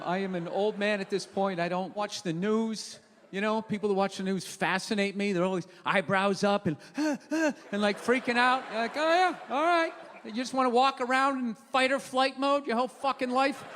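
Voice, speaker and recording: Ranting comedian with a very high voice. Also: male voice. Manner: loud, ranting, profane and sarcastic. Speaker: stand-up comedian. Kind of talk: live stand-up routine. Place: large theater stage before a live audience. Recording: reverberant hall with audience noise.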